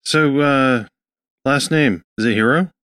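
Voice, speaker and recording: A man hosting a podcast about software testing and interviewing a guest in an upbeat way. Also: medium pitch, slow, clean tone, no echo, studio quality. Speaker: podcast host.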